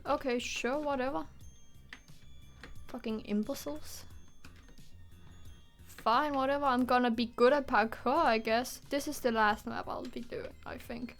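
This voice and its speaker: A woman's voice: sits high, steady tone, measured pace, long pauses, fairly bright tone, faint music behind. Exasperated young woman streaming. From Denmark. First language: Danish. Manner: exasperated, swearing, rambling. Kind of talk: live gameplay commentary.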